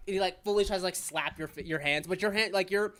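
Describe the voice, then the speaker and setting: A woman's voice: lowish voice, fast, fairly bright tone. A woman narrating a tabletop game as game master, rambling with lots of fillers.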